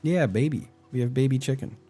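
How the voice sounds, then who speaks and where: A man's voice: mid-range voice, a little fast, mellow, husky, soft background music. A man live-streaming a game, chatting casually, narrating his own moves and greeting his viewers. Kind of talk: casual gameplay chat.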